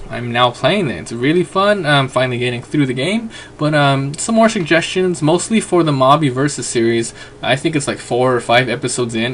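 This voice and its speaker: A young man chats loosely to the camera from home, rambling and circling back with plenty of fillers. His voice sits at an ordinary middle pitch, and a faint hum runs underneath the recording. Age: young adult. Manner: rambling, chatty, lots of fillers. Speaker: vlogger. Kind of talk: casual vlog rant.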